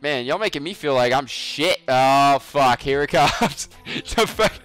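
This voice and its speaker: A man's voice: mid-range voice, measured pace, fairly bright tone, smooth, soft background music. A man in his twenties chatting casually on a game livestream, swearing freely, teasing his viewers and laughing often. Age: 20s. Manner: joking, profane, laughs often. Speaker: game streamer.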